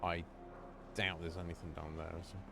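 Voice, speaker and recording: A man's voice: low-pitched, level tone, moderate pace, creaky, noisy background. A man streaming a game, chatting loosely, swearing and laughing at what happens. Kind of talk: live gaming commentary.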